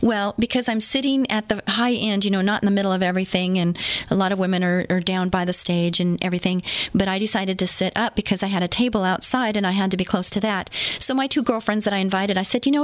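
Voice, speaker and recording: A woman's voice: mid-range voice, no echo. Chatty woman radio host, dry studio sound. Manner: chatty, enthusiastic storytelling with many fillers. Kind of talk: casual faith-based radio talk. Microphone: studio microphone.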